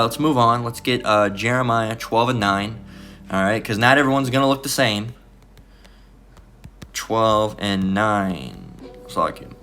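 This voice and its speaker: A man's voice: fairly low pitch, a bit bright. A man giving an informal bible teaching, rambling with restarts and tagging lines with "all right?". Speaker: preacher.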